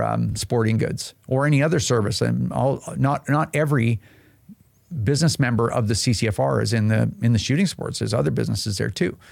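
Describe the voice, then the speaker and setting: A man who leads an advocacy group, explaining a member program in a casual, conversational way and acting out quick little exchanges. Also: medium pitch, gravelly, a little mellow, no echo, studio quality.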